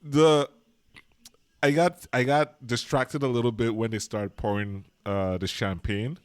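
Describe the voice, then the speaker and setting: A man co-hosting a casual movie-review podcast, chatty and quick to laugh, wandering off into tangents. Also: mid-range voice, fairly even intonation, no echo. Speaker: podcast co-host.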